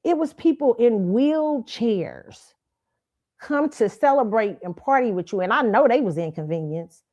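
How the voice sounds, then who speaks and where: A woman's voice: on the high side, lively intonation, measured pace, mellow. A woman host giving a blunt, profane and mocking opinion rant. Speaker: show host. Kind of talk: ranting opinion commentary. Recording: slightly dull lo-fi audio.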